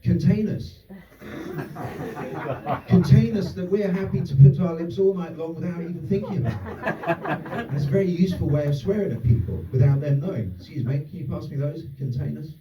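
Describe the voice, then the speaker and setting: A man's voice: fairly high pitch, animated, moderate pace, pauses often, a crowd in the background. A man doing a stand-up comedy set to a live audience, sarcastic and sweary with rambling asides. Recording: roomy distant dull club recording.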